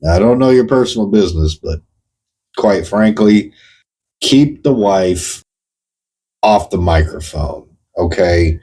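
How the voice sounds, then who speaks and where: Guy doing a slow sweary rant show, blunt and sarcastic, keeps asking pointed questions. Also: sits low, lively intonation, mellow, poor audio. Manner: addresses the listener directly with pointed questions. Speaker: host. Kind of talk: ranting monologue.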